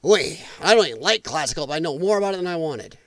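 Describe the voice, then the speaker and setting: A man's voice: on the high side, animated, fast, fairly bright tone, dry recording. A man hosting a late-night news livestream, ranting casually and sarcastically about the headlines. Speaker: livestream host.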